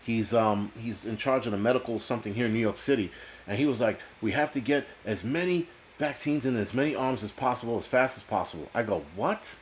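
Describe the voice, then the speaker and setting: A man's voice: mid-range voice, fairly quick, a little hiss or hum. Profane blunt man ranting on a live stream. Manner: profane, blunt, reads chat aloud. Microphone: computer mic on a video call.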